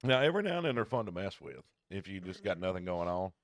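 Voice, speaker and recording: A man's voice: sits low, very animated, fast talker, no room sound. A man co-hosting a casual podcast, rambling through stories and acting out the callers in them. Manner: rambling storyteller, acts out callers' voices. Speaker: podcast co-host. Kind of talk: casual chat.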